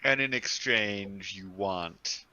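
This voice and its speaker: A man's voice: fairly low pitch, takes it slowly, pushed and bright, dull audio. A man playing a tabletop game, casual, wry and dismissive. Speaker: player.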